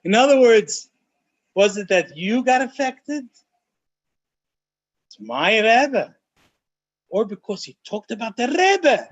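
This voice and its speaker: Man, rabbi, high voice, Torah class lecture, emphatic, slows for stress. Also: muffled recording. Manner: animated, emphatic teaching, often slowing to stress key phrases; frequent Hebrew and Yiddish terms.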